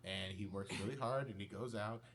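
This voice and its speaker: A man's voice: on the low side, brisk, a crowd in the background. Rambling, chatty male podcast host. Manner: rambling, laughing, lots of fillers. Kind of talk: casual chat.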